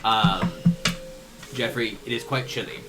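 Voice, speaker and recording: A man's voice: fairly low pitch, steady tone, measured pace, loud music behind the voice. A man running a tabletop game as game master, narrating scenes in a laid-back, jokey way.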